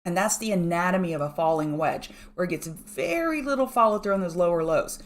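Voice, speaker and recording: This market analyst host is a middle-aged woman whose lowish voice is expressive and strongly regionally accented. On her live pre-market stream she talks quickly and chattily, greeting viewers by name between chart notes.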